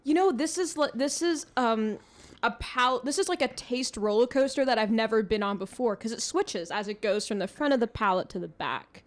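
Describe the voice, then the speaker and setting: A young woman hosting a casual tea-tasting chat, excited and exclamatory as she reacts. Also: on the high side, normal speed. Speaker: host.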